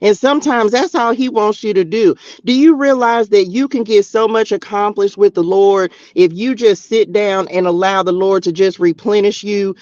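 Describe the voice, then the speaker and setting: A man hosting a spiritual livestream, preaching casually and talking straight to his viewers in animated slang while reading tarot cards. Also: high voice, normal speed, hardly any pauses, dry recording, muffled recording. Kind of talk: casual preaching to a live chat. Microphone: streaming mic.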